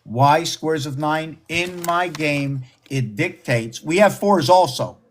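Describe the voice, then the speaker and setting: A man hosting a live stream, rambling excitedly and often slipping into a squeaky high falsetto. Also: slow, slight background noise. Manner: excitable, exclaims and gasps. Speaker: livestream host.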